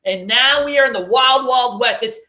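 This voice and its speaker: A man's voice: very high-pitched, moderate pace, bright, forceful tone, reverberant. A man hosting a casual trading livestream, joking, slangy and swearing as he answers viewers. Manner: laid-back, joking, slangy, swears and laughs often.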